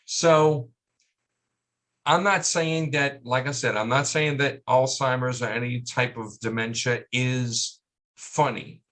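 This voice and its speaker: A man talking as a guest on a radio interview, halting now and then as he searches for words, with a dry, joking humor. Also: medium pitch, fairly even intonation, a bit bright.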